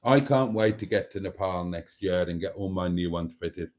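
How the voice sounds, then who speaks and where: A man's voice: deep voice, normal speed, darkish tone. A man hosting a casual live stream from home, reading viewer comments aloud in a chatty, cheeky, rambling way into a phone. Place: home, indoors.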